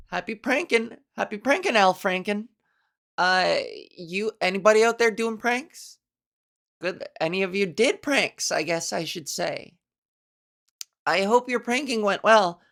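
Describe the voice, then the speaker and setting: A woman's voice: mid-range voice, gravelly, a bit bright. A young woman comedian hosting her own podcast, rambling through a giggly solo monologue. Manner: rambling, giggly, breaks into silly voices.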